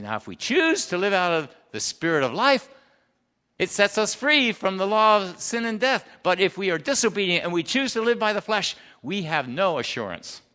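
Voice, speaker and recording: A man preaching a sermon, emphatic, swinging between loud declarations and hushed asides and asking the congregation questions. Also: high voice. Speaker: pastor.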